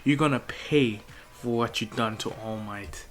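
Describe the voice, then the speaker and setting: A man voicing a determined young male hero, speaking low, firm and serious. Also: unhurried, fairly bright tone, faint music behind, close to an everyday voice. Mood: grim.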